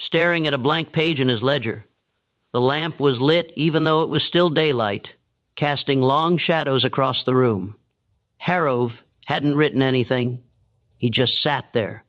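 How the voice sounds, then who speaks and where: A man giving steady, measured scripted narration of a dark historical story. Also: fairly high pitch. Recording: dull, dry, lo-fi sound.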